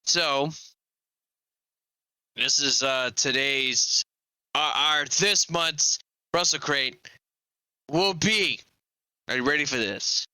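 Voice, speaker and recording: A man's voice: mid-range voice, takes it slowly, pauses often, bright, forceful tone, smooth, no echo. A man hosting a casual live podcast, chatting loosely and rambling about wrestling. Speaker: podcast host.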